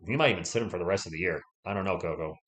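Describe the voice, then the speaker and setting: A man's voice: low voice, very fast, fairly bright tone. A man doing casual solo play-by-play on a livestream, chatting with viewers and reading their messages between plays. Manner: chatty, reads chat aloud and thanks viewers between plays. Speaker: live stream play-by-play host.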